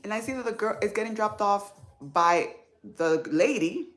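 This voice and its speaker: A woman's voice: mid-range voice, animated, normal speed, faint music behind. A woman hosting a casual livestream, telling heartfelt family stories and reading viewer comments aloud. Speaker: livestream host.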